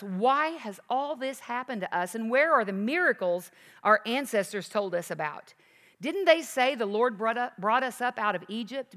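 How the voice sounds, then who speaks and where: A woman's voice: fairly high pitch, fairly bright tone, big-room sound. A woman teaching a sermon, reading scripture aloud and then explaining it with questions to the listeners. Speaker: Bible teacher.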